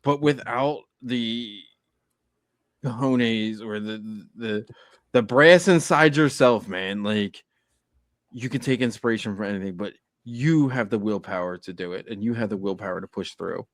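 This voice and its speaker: A man's voice: lowish voice, measured pace, no room sound, clean studio sound. A man co-hosting a podcast, chatting casually with supportive, laid-back replies. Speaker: podcast co-host.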